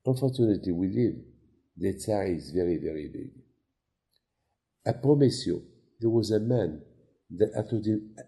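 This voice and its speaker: Gravelly dark-voiced rabbi preaching. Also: male voice, on the low side, expressive, normal speed, long pauses. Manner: non-native phrasing, storytelling with quoted dialogue. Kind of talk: sermon.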